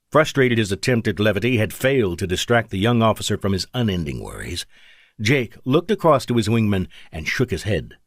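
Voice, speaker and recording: A man narrating an audiobook in a measured, dramatic way. His pitch moves lively through the sentences. The sound is close and dry, with no room around it. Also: dry recording. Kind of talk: scripted narration.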